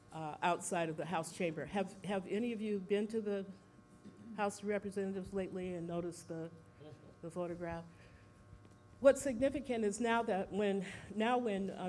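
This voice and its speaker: Halting, out-of-breath seminar speaker. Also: medium pitch, a little mellow, slight background noise. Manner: halting, many fillers, asks the audience questions. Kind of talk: informal public talk to an audience.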